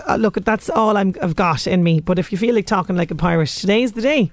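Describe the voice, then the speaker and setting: A woman's voice: mid-range voice, fairly quick, few pauses, no echo. An Irish woman presenting local radio, chatty and enthusiastic as she links items and interviews a guest. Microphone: studio microphone.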